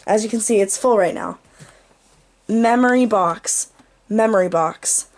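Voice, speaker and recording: Speaking a little slowly at a medium pitch, a young vlogger takes viewers on a lighthearted, goofy tour of her bedroom, tossing in jokey remarks. She's out of breath throughout this casual room tour for her channel.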